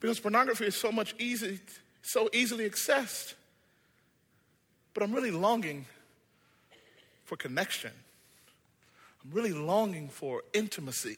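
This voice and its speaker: A man preaching a sermon as pastor, animated, swinging between hushed lines and shouted ones. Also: high-pitched, normal speed, long pauses, breathy edge, long reverb tail.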